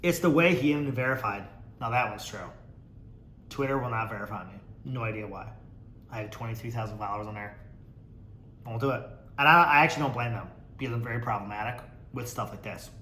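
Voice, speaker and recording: A man's voice: medium pitch, a little fast, pushed and bright, reverberant, slight background noise. A man hosting a casual podcast, reading viewer comments aloud and mocking them sarcastically, swearing freely. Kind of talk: casual chat.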